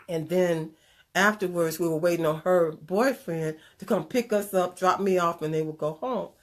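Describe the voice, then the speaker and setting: A woman with a slightly low voice tells a personal story in a relaxed, conversational way. She is animated and earnest and slips into preachy asides now and then. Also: normal speed. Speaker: speaker sharing a personal story. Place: Chicago area.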